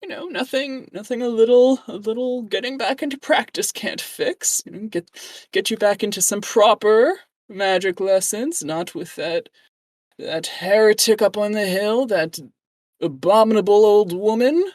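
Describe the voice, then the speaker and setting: A woman's voice: medium pitch, moderate pace, darkish tone, no echo, voice pushed up, natural voice. A woman voicing a condescending old male priest, a cloud-bearded sky spirit, in a patronizing, chuckling manner. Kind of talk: tabletop role-play.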